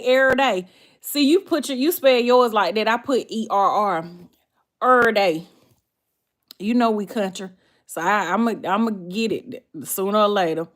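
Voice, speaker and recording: A woman's voice: medium pitch, a bit bright. A woman with a Southern US accent, chatting casually on a livestream and answering viewers' comments. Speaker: livestream host.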